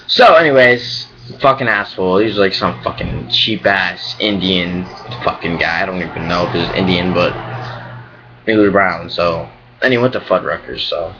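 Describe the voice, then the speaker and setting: Low-voiced young man ranting profanely. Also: normal speed, sharp tone, highs cut off. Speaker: vlogger. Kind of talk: casual rambling vlog.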